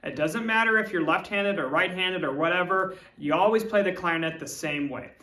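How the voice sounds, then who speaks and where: A man's voice: sits high, brisk, pushed and bright, far from the mic. Man teaching clarinet in echoey room. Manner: clear step-by-step demonstrating. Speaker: music teacher. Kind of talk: instructional video lesson. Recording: roomy echo, from off-mic.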